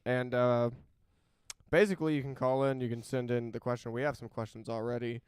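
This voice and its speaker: A man's voice: medium pitch, steady tone, fairly quick, a little mellow, smooth, no echo. A man from Canada co-hosting a live call-in show, bantering with crude jokes in casual chat.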